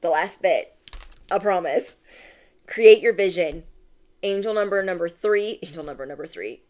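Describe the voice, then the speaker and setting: A woman's voice: fairly low pitch, normal speed, a little mellow. Bubbly young woman doing a tarot reading. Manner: bubbly, gushing, many "like"s and "oh my gosh". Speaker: tarot reader. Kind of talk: casual channeled reading to viewers.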